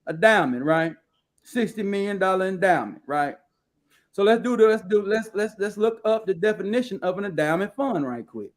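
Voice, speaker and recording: A man's voice: sits high, animated, normal speed. A male host giving casual live commentary while browsing, blunt and profane, rambling as he reads figures and definitions aloud from the screen.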